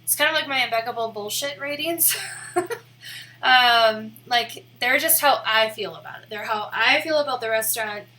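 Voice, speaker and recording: A woman's voice: fairly high pitch, normal speed, bright, forceful tone. A young woman streaming live, rambling in a casual, giggly way with lots of "like" fillers. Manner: rambling and giggly, heavy use of "like".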